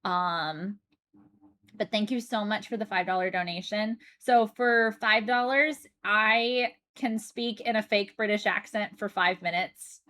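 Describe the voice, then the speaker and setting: A woman's voice: medium pitch, unhurried, sharp tone. A woman livestreaming, chatting casually with her viewers, chatty and rambling with frequent fillers and restarts. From United States. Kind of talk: casual chat while reading chat.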